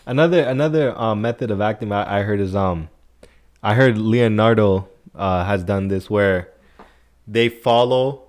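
A young man hosting a podcast, chatting in a relaxed, slangy and enthusiastic way. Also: fairly low pitch, moderate pace. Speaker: podcast host. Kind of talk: casual conversation.

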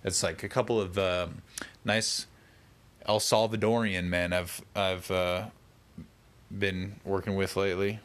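A man with a fairly low voice talks to his viewers in a loose late-night monologue from home. He drifts from one tangent to the next and slips into mocking imitations of what other people said. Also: unhurried, long pauses, a bit bright. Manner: rambling, tangent-prone, mock-quotes people. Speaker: vlogger.

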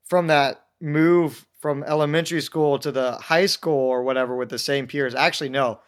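A man's voice: a little high, fairly even intonation, normal speed, clean tone. A young man telling rambling, self-mocking stories in a casual chat, acting out the voices of people he quotes. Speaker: podcast guest telling stories.

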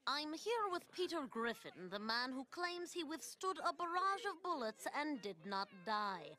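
A perky cartoon TV reporter. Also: female voice, sits high, very animated, measured pace, pushed and bright, full character voice. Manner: perky on-air reporter delivery. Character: female cartoon TV news field reporter, upbeat and brash. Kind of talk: cartoon voice acting.

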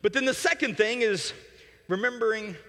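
An impassioned male pastor preaching a sermon, swinging between near-shouted peaks and hushed prayer. His voice sits high and sounds bright and forceful. A long reverb trails his words through a large church hall. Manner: repeats words in quick restarts.

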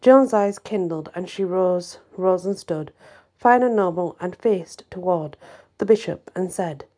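A woman hosting her own channel, reading a historical novel aloud in a steady storytelling manner. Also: on the low side, measured pace. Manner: steady storytelling, voices quotes lightly. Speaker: channel host and reader.

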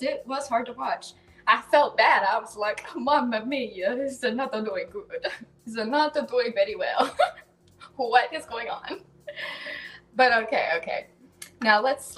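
A woman hosting a podcast in casual chat, talkative, swearing freely and poking fun at herself. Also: medium pitch. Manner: chatty, swears freely, self-mocking. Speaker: podcast host.

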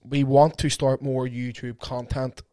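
A man's voice: medium pitch, unhurried, no room sound. Rambling man co-hosting. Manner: rambling, animated, swears casually. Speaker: podcast co-host. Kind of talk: casual chat. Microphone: podcast mic.

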